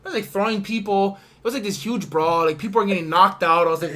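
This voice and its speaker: Bright-voiced young man from Hawaii. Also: high-pitched, a little fast. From Hawaii, Big Island. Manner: animated storyteller, acts out quotes, heavy swearing. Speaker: podcast host. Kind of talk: casual storytelling chat.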